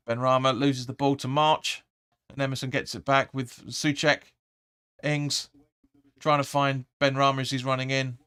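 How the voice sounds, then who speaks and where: A man hosting a live football watch-along, rambling through the play and sometimes shouting at the players. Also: mid-range voice, clear, resonant tone, no room sound, studio quality. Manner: rambling, restarts often, erupts when urging players. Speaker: fan channel host.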